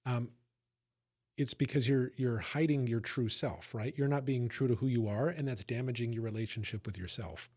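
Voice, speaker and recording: A man's voice: medium pitch, moderate pace, a little mellow. A man co-hosting a podcast, talking in an earnest, reflective way and often checking in with his listeners. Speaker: podcast co-host. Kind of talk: casual conversation.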